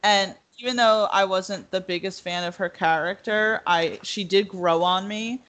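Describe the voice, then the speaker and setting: A woman's voice: mid-range voice, unhurried, a bit bright. A young woman in casual chat, rambling with lots of fillers and acting out quotes. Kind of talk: casual podcast discussion.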